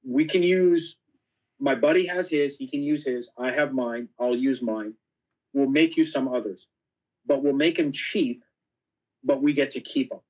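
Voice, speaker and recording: A man in a relaxed podcast interview, telling stories with energy and a voice of middling pitch. He jumps into quoted dialogue and plays each speaker's part as he goes. His talk is full of casual fillers. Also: unhurried, dull audio. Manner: animated anecdotes, acting out quoted dialogue; frequent fillers like "you know". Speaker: podcast guest.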